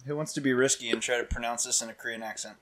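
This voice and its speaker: A man co-hosting a podcast, laid-back and quick to laugh, rating a beer. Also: medium pitch, fairly even intonation, a bit bright. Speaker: podcast co-host. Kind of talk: casual podcast banter.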